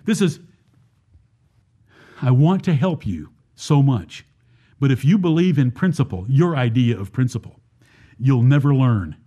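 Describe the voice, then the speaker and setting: A man's voice: medium pitch, animated, unhurried, pauses often, warm tone. A man preaching a Baptist sermon, asking the congregation rhetorical questions and explaining scripture verse by verse.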